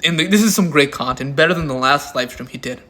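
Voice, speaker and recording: A man's voice: a little high, fast, pushed and bright. A man doing drama commentary in a crude, mocking and heavily profane way. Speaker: commentary YouTuber.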